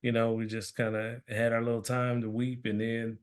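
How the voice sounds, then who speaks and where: A man of ordinary pitch speaks as a podcast guest about his own life. He talks in a relaxed, soft-spoken way, loose and conversational. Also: normal speed. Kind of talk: casual personal story.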